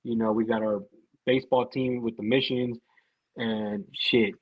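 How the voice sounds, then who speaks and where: A man's voice: medium pitch, steady tone, unhurried, breathy edge, dry recording, lo-fi sound. A man, a guest on a podcast, talking in a rambling, profane way that repeats words. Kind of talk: casual podcast chat.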